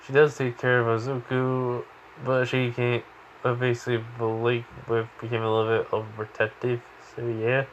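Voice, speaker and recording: A man's voice: medium pitch, completely flat delivery, moderate pace, lo-fi sound, a little hiss or hum. A sleepy man casually retelling a fan story, rambling with lots of fillers.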